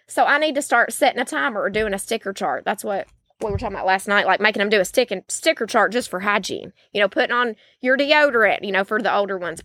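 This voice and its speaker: A woman's voice: medium pitch, a bit bright, dry recording, studio quality. A woman, hosting a faith-based podcast in a chatty, folksy way with many fillers. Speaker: podcast host.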